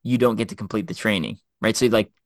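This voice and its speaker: A man's voice: fairly low pitch, quick pace, dry recording. A middle-aged man telling military stories in a casual podcast chat, full of fillers and restarts. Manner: animated storyteller, many fillers and restarts. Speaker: former Special Forces officer, guest co-host.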